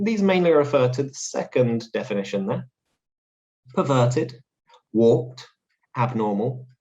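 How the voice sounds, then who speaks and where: A man hosts a lesson, explaining words clearly and cheerfully. His voice rises and falls in a very lively way. The recording sounds a little dull and lo-fi. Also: medium pitch. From London. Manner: clear, explanatory, upbeat teaching tone. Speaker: English teacher host. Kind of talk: English vocabulary lesson.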